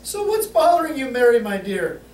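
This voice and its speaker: A man voicing a consoling Irish parish priest in a told joke, with a louder, raised voice. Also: extremely high pitch, very animated, a little fast, voice pushed up. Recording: roomy, distant, faint room noise.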